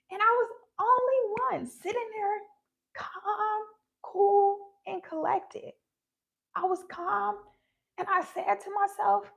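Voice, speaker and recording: A young woman with a strikingly high voice and a gravelly fry shares personal stories on a phone livestream. She speaks earnestly and with animation, slipping into quoted lines as she retells events. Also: normal speed, lo-fi sound. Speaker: spiritual livestream host.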